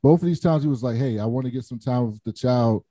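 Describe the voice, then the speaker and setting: A man co-hosting a casual podcast chat, who argues the other side in a measured way. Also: medium pitch, dark tone, slight background noise. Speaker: podcast co-host.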